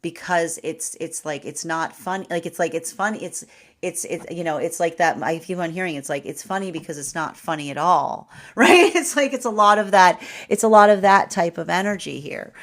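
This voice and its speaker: Rambling woman tarot reader, lowish voice. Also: a little fast, fairly bright tone. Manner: rambling, many fillers and restarts, laughs often. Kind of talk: live-streamed astrology reading.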